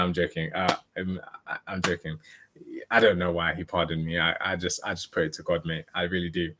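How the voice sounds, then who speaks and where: Young male speaker, low-pitched, candid storyteller who stumbles and repeats words. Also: fairly bright tone. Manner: earnest and candid, repeats and restarts phrases. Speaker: motivational speaker. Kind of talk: personal storytelling talk.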